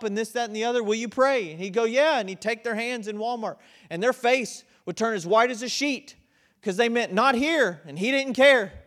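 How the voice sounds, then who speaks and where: A middle-aged man preaching a sermon as pastor, swinging between loud, emphatic lines and quiet, intense stretches. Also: sits high.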